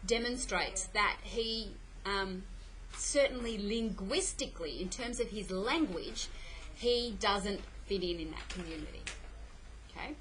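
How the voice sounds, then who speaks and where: A woman's voice: mid-range voice, fairly bright tone, a little hiss or hum, low-quality recording. A middle-aged woman teaching a play in a classroom, explaining patiently and often checking "okay?" with her students. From Australia. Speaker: English teacher.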